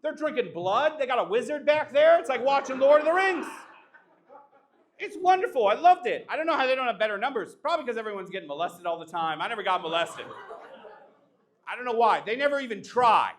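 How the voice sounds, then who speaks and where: Brash, animated young male comedian. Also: very high-pitched, a little fast. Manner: brash, crowd-teasing, animated. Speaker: stand-up comedian. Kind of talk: live stand-up set with crowd work. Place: live comedy show at an art exhibition.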